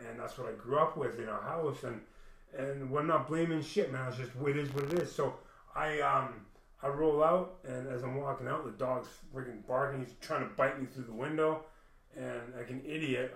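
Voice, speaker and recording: A man's voice: medium pitch, moderate pace, fairly bright tone, roomy sound. A man rambling through a personal story to his camera at home, swearing heavily and restarting often. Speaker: vlogger. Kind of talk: emotional personal monologue. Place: room at home.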